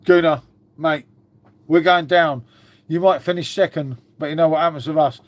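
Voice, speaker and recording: Fairly high in pitch and fairly even in intonation, this man's voice moves at a moderate pace with no echo. He's hosting a relaxed livestream, talking to viewers and cussing freely at his dog.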